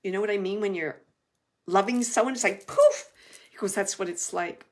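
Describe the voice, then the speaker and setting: Woman medium, live reading, chatty, filler-heavy, mid-pitched, soft hushed asides. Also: moderate pace. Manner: chatty, relaying messages with many fillers; drops to a soft hush at times.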